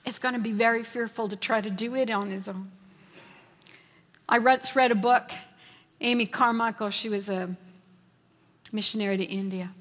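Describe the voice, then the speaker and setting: A woman's voice: on the high side, steady tone, normal speed, long pauses, a bit bright. A woman preaching a fervent sermon, repeating key phrases for emphasis. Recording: long reverb of a large hall.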